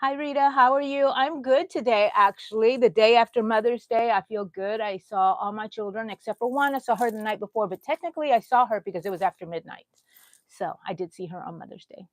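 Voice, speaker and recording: Middle-aged woman, casual crochet livestream host, chatty and relaxed, dry close sound. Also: medium pitch, fairly quick, dry recording. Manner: chatty, reads out viewer comments, yawns often. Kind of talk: casual live chat while crocheting. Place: at home.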